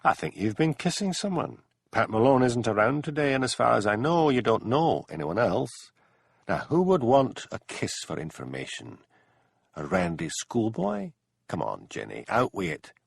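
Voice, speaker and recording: A man playing a shrewd Highland village policeman, dry and sarcastic. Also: big pitch swings, normal speed, creaky, breathy edge, dry recording, full character voice.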